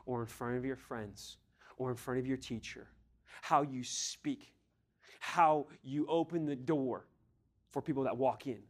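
A man preaching a sermon, emphatic, swinging between loud exhortation and hushed, near-whispered lines. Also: mid-range voice.

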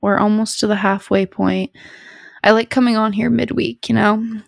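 A woman's voice: mid-range voice, steady tone, moderate pace, gravelly, no echo, studio quality. A young woman hosting a podcast at home, chatting casually in a rambling, bubbly, self-deprecating way. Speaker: podcast host. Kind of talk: casual solo chat.

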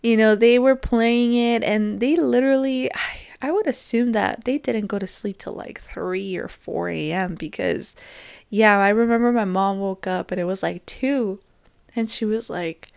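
A woman's voice: medium pitch, measured pace, gravelly, clean tone, no echo. Dry-voiced woman recalling family memories. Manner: reflective, gently hesitant. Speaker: podcast host. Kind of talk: personal storytelling.

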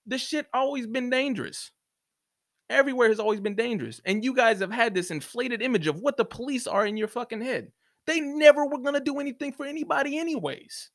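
A man's voice: very high-pitched, a little fast, a bit bright. A man hosting a solo podcast, ranting in a profane, heated and sarcastic way, often mocking other people's views. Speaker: podcast host. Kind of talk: opinionated solo podcast rant.

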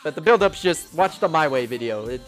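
A man's voice: on the high side, animated, brisk, faint music behind. A man hosting a casual podcast, rambling through stories and acting out quotes with frequent laughs. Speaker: podcast host. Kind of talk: casual wrestling chat.

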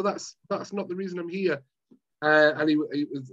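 Animated Scottish man telling his story. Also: on the high side, rapid-fire, muffled recording. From Scotland. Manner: animated storyteller acting out his past self. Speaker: guest, mind management coach. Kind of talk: casual chat.

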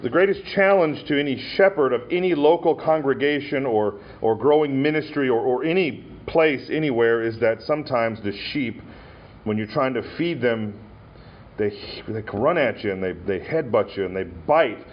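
A man's voice: mid-range voice, normal speed, slight background noise. A male pastor from Montana preaching a sermon in a church, telling stories with frequent fillers and restarts. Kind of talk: sermon at an ordination ceremony. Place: church sanctuary. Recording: dull lo-fi church recording.

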